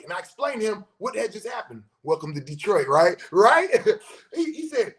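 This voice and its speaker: A middle-aged man with a notably high voice tells stories on a podcast in a loose, profane way. He keeps things animated, slipping into the voices of the people in his tale. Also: normal speed, gravelly. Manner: profane, animated storyteller who acts out quotes. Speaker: podcast host. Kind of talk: casual storytelling.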